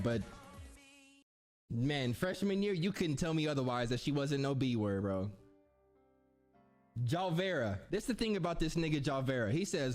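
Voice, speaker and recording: A man's voice: medium pitch, moderate pace, long pauses, soft background music. A young man telling funny personal stories in a casual, slangy way, acting out what people said. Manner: animated, slangy, acts out quotes. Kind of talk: casual storytelling.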